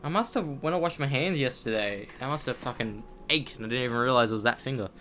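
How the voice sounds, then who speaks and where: A man's voice: mid-range voice, quick pace, bright, forceful tone. Australian guy, young, streaming, rambling, sweary, faint hum behind. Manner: rambling, sweary, restarts often. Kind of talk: casual gaming stream chat.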